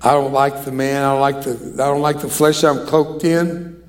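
A man's voice: medium pitch, little pitch movement, moderate pace. An older man preaching a sermon as an evangelist, emphatic and drawing the congregation into call-and-response.

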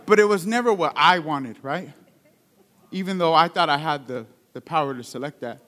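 A man's voice: on the high side, normal speed, bright, forceful tone. A young man preaching a sermon in a conversational storytelling style, with frequent call-outs to the congregation.

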